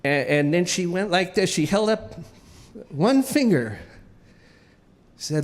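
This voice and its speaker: A man's voice: high-pitched, animated, takes it slowly, pauses often, long reverb tail. A man telling a comic, self-deprecating story live on stage, stammering and restarting as he goes.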